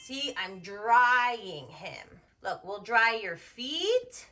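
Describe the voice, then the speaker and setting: A woman with a high, bright voice talks to toddlers at a very slow pace. She repeats simple words in a sing-song way and stays gentle and encouraging. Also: sing-song. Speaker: early childhood educator. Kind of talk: toddler teaching video narration.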